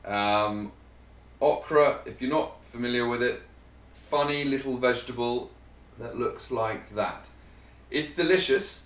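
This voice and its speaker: A man's voice: medium pitch, measured pace, a bit bright. A man hosting a vegan cooking channel, chatting casually to camera as he explains ingredients, rambling and joking about himself. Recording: roomy sound, mic set at a distance.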